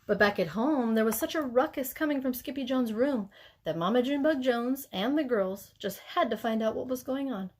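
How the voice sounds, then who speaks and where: A woman teacher reading a picture book aloud in an expressive, playful way. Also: a little high, moderate pace. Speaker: elementary school teacher.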